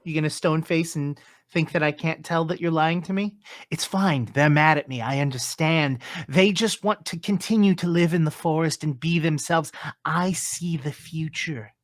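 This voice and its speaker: A man voicing a smooth-talking male villain leader, speaking with silky, condescending menace in a tabletop game. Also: fairly high pitch, normal speed, no room sound, clean studio sound, close to an everyday voice. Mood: scornful. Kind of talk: in-character tabletop role-play.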